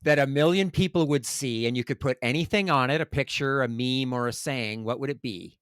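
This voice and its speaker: A male podcast host who asks questions and reacts with warm admiration. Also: mid-range voice, brisk, clear, resonant tone, no echo, studio quality. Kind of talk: interview podcast.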